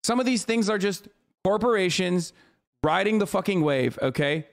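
A man with a high, light voice rants at clips on his stream. He swears constantly, stumbles through fillers and restarts, and sounds fed up. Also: animated, normal speed, vocal fry. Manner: exasperated, swears a lot, many fillers and restarts. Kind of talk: profane reaction rant.

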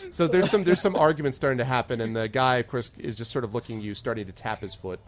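A game master narrates a tabletop game, relaxed and rambling with many fillers. His mid-range voice moves at a quick pace.

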